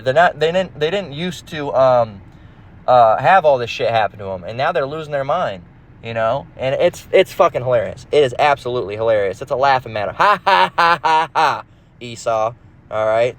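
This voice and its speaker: Recorded in a car, a religious teacher preaches in a mid-range voice with lively intonation and a brisk pace. He reads scripture and rambles, restarting often, in a casual, emphatic, profane manner.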